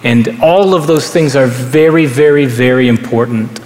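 A man's voice: mid-range voice, moderate pace, a little mellow. Man preaching in an echoey hall. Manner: earnest, conversational preaching with repetitions. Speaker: pastor. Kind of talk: sermon. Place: large hall with stage. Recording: roomy reverberant hall, faint ambience.

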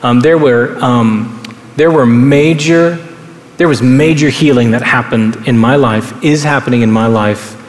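A man's voice: medium pitch, measured pace. A young adult man and pastor preaching a sermon on stage in an earnest, conversational way, often repeating words for stress. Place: large hall with stage. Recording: roomy reverberant hall, faint ambience.

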